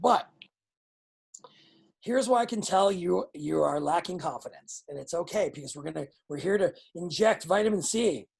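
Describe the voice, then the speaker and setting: A woman coaching pro wrestling students in a live online class. She is blunt and excitable, swears freely, and talks over a video call. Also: on the low side, moderate pace, vocal fry, slightly rough.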